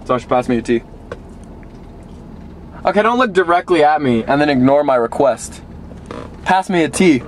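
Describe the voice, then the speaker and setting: A young man in a car giving his dog a deadpan, mock-betrayed scolding, as if she were a person. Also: fairly high pitch, moderate pace, long pauses. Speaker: dog owner. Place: inside a parked car. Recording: noisy car interior.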